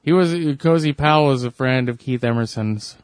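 A man co-hosting a casual podcast, reading off band trivia with quick asides. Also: mid-range voice, clean tone, dry recording, clean studio sound. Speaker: co-host.

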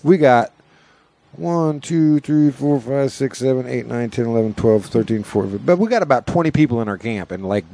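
A man's voice: mid-range voice, animated, normal speed, vocal fry, dark tone. A rambling, swearing man telling stories. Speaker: festival security worker. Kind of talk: casual chat.

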